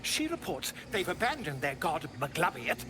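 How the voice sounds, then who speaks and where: A man's voice: on the high side, big pitch swings, normal speed. A man voicing a flamboyant, pompous bard who speaks theatrically.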